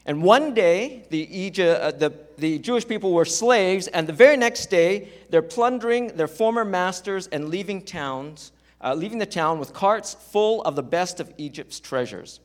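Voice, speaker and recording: High-voiced man preaching a sermon. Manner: explanatory, conversational preaching with asides. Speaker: pastor. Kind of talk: sermon, Bible teaching.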